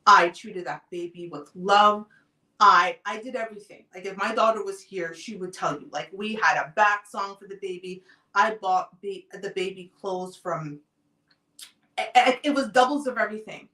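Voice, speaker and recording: A woman hosting a live talk show, telling a personal story in a calm, deliberate way. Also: medium pitch. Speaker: host. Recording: roomy sound, off-mic distance.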